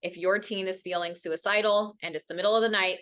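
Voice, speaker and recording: A woman's voice: steady tone, fairly quick, fairly bright tone. A woman mental health educator giving a parent workshop presentation, earnest, often checking in with "right?" and acting out quoted voices. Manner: acts out quoted voices with big pitch jumps. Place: workshop room.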